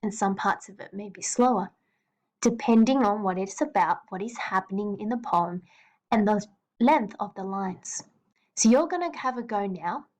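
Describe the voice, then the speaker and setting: A woman teacher giving a recorded poetry lesson, explaining clearly and reading poems aloud in changing rhythms. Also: medium pitch, moderate pace.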